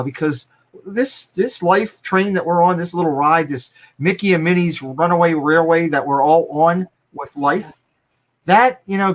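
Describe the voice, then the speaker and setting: A middle-aged man with a Baltimore accent and a slightly high voice speaks as a guest in a casual live-stream chat. He comes across as earnest and warm, and he often repeats words as he goes.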